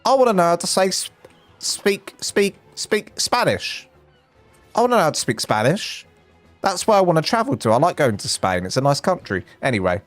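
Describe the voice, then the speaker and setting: A man's voice: a little high, big pitch swings, moderate pace, no echo, faint music behind. A man from England with a lisp, a game streamer telling rambling, self-mocking stories in casual chat.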